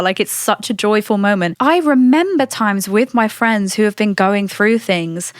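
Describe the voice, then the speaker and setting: A woman, talking in a candid, animated casual monologue and swearing freely. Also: medium pitch, moderate pace, few pauses, no room sound, studio quality. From Britain.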